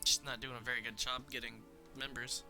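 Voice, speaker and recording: A man's voice: medium pitch, flat delivery, a little fast, sharp tone, faint music behind. A man playing a tabletop game who adds dry, joking asides in casual banter. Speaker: player.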